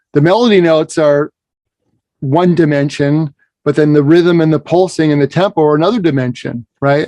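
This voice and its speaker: A man teaching bagpipe expression in a relaxed conversational lesson, with a voice sitting a little high for a man. He explains patiently and keeps checking in with a quick "right?". The sound is dry and close. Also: no room sound. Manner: explanatory, asks "right?" often. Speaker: piping instructor.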